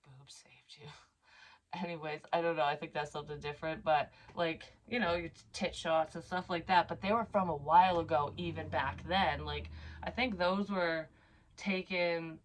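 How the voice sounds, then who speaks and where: A woman with a fairly low voice tells a long personal story in an unscripted, rambling way. She is blunt and swears freely, drifting into asides before coming back to the point. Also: fairly even intonation, moderate pace. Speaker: psychic medium vlogger.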